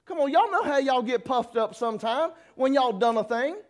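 A man's voice: very high voice, animated, moderate pace. A man preaching a sermon, folksy and teasing, acting out little voices as he goes. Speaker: pastor.

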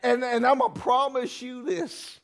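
A man's voice: extremely high pitch, normal speed. A man preaching a sermon, folksy and teasing, acting out little voices as he goes. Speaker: pastor.

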